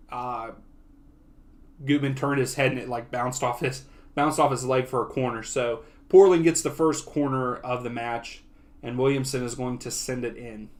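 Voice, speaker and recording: A young man hosting a soccer watch-along, giving casual live play-by-play that often turns excitable. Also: medium pitch. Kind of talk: live match commentary.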